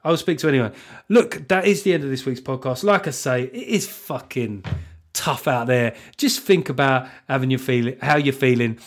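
A man's voice: mid-range voice, moderate pace. A man hosting a comic podcast on his own, blunt and sweary, who laughs at his own jokes. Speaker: podcast host. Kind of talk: comic solo podcast monologue.

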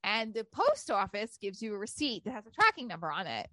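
A woman's voice: mid-range voice, huge pitch swings, fairly quick, fairly bright tone, no echo. A woman in her thirties telling candid personal stories in casual chat, swearing freely.

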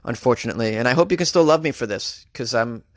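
A man's voice: mid-range voice, expressive, fast, no echo, studio quality, pitched below the performer's own voice, lightly acted. A man putting on a stammering sheepish boyfriend. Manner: stammering, embarrassed.

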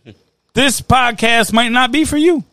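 A man's voice: very high-pitched, measured pace, sharp tone, dry recording, clean studio sound. A man co-hosting a casual podcast chat, laughing often and repeating himself as he talks. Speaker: podcast co-host.

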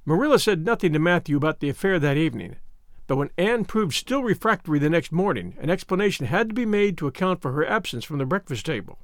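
A man narrating a classic novel in an expressive, animated storybook manner. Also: fairly high pitch, no room sound, clean studio sound. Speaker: audiobook narrator.

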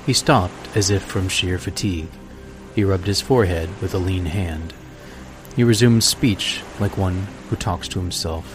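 A man reads a classic story aloud in a calm, measured narration. His voice sits low. Clear music plays behind him. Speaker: podcast host.

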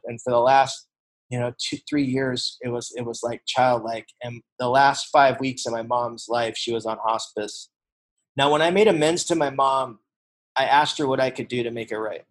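A man in his forties giving a personal recovery testimony, telling a family story earnestly, growing hushed at the tender parts. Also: mid-range voice, fairly even intonation, normal speed, poor audio. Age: 40s. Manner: earnest, storytelling, shifts to hushed when emotional. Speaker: recovery speaker.

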